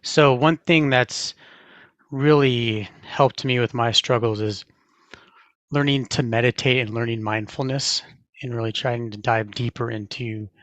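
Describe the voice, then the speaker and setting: A navy veteran guesting on a podcast talks earnestly and reflectively in a casual interview chat, laughing easily. His mid-range voice is a bit bright, and the recording is muffled with no room sound.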